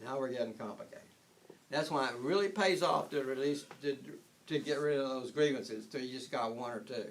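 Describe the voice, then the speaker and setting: A man's voice: medium pitch, moderate pace, slight background noise. An older man giving an informal spiritual talk, rambling with frequent restarts and chuckling at his own points. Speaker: spiritual teacher.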